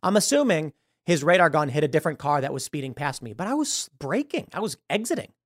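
A man hosting political commentary, talking in an animated and scornful way. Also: a little high, fast, no room sound, studio quality. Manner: animated, acts out quoted voices, scornful. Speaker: show host.

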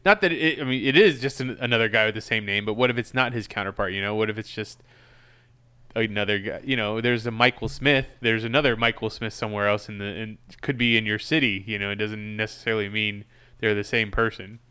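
Smooth-voiced musing man. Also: on the low side, steady tone, a little fast, bright, forceful tone. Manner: musing, hesitant with restarts. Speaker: podcast co-host. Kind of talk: casual chat.

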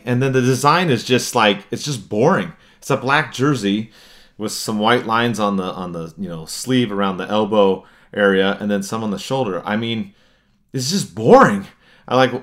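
A man's voice: on the low side, normal speed, fairly bright tone. A man co-hosting a casual hockey podcast, ranting bluntly and laughing often. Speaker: podcast co-host. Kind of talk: casual sports chat.

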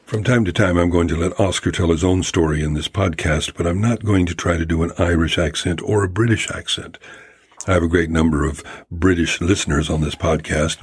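Male podcast host, wry storyteller; low, husky voice, dry close sound. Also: dry recording. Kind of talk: scripted podcast narration.

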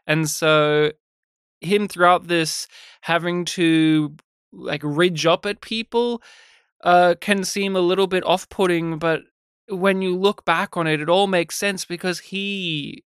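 A man's voice: high voice, slow, smooth, dry recording, studio quality. An Australian man co-hosting a film podcast, talking animatedly about a movie and laughing often. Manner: animated, acts out scenes in voices, laughs often. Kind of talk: casual film review chat.

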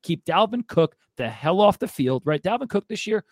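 A man's voice: high-pitched, sing-song, moderate pace, no echo, studio quality. A man co-hosting a sports podcast, ranting in a fired-up, exasperated way. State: out of breath. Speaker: podcast co-host.

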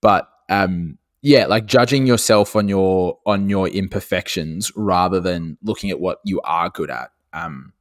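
A man's voice: sits low, a little slow, hardly any pauses. A young man co-hosting a podcast in casual chat, swearing freely and laughing often. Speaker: podcast co-host.

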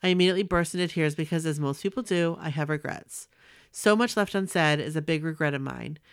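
A woman's voice: low-pitched, a little fast, smooth, dry recording, clean studio sound. A woman in her forties reading a personal story aloud in an earnest, emotional way. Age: 40s.

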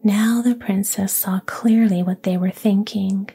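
A woman storyteller reads a fairy tale in a soft, even whisper. Her pace is very slow and her tone dark and mellow. The voice is airy and breathy throughout. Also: mid-range voice, soft background music.

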